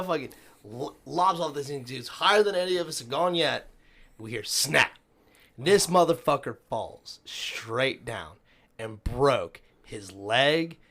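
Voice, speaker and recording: A man's voice: mid-range voice, vocal fry. A man with a mid-range voice that swings widely up and down as he tells stories. He swears constantly and jumps into the voices of everyone in his anecdote. It is loose, unscripted podcast banter. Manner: profane, animated storyteller who acts out the people in his stories. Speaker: co-host. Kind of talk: casual podcast chat.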